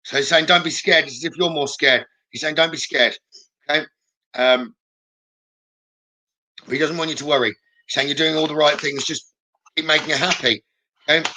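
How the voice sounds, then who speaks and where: Bright-voiced male psychic, reassuring. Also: on the high side, steady tone, low-quality recording. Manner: gentle, reassuring, frequent "okay?" checks; hesitant, with many "um" pauses. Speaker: psychic medium. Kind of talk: live-stream psychic reading.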